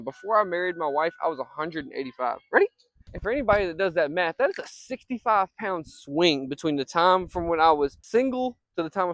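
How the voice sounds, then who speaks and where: A man's voice: fairly high pitch, dry recording, poor audio. Chatty man vlogging outdoors. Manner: chatty, rambling, breaks off to call his dog. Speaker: vlogger and software company owner. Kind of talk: casual vlog monologue outdoors. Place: outdoors in a field.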